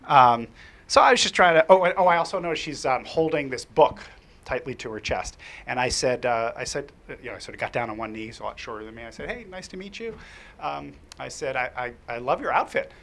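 A man presenting a workshop, telling an anecdote to an audience in an animated way with frequent fillers and restarts. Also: mid-range voice, quick pace, gravelly. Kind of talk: storytelling lecture to an audience.

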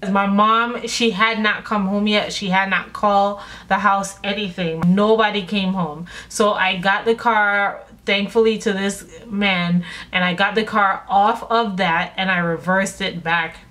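A young woman talks straight to her viewers in a casual vlog storytime. She tells it with lively slang, jumping into other people's lines as she goes. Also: medium pitch, measured pace, hardly any pauses. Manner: animated storyteller acting out quotes. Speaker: vlogger.

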